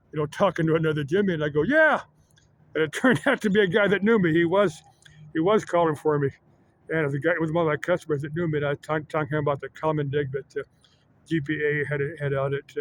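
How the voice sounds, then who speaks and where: A man vlogging in a casual, rambling monologue that halts often on filler pauses. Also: on the high side, a little hiss or hum. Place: Arizona.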